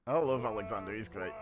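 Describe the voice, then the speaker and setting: Guy doing a reaction vid, bouncy animated voice, bright tone, keeps laughing and groaning at the screen. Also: medium pitch. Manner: chatty, exasperated, laughs often. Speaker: reaction video host. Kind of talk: casual reaction commentary.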